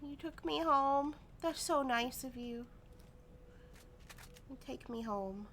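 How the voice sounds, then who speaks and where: A woman's voice: a little high, steady tone, slow pace, pauses often, bright, forceful tone, a little hiss or hum. A young woman streamer giving playful, chatty commentary as she plays, often talking to the game itself. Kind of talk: casual gameplay commentary.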